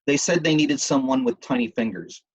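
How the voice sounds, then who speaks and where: A man's voice: medium pitch, moderate pace, husky, pitched above the performer's own voice, natural voice, low-quality recording. Man reading a frail, frightened young boy. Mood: quiet.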